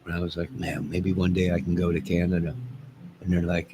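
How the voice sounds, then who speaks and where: A man's voice: low voice, completely flat delivery, a little fast, background noise. An older man hosting his own channel, talking in a loose, joking, rambling way and chuckling as he goes. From United States. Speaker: channel host. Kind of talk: casual rambling monologue.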